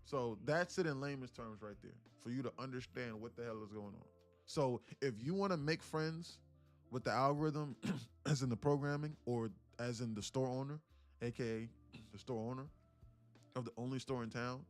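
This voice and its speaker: Slangy animated male trading streamer. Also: normal speed, faint music behind. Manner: animated, acts out little scenes with voices, slangy; drops to a low mutter when reading the chart. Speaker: day-trading livestream host. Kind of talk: casual livestream talk.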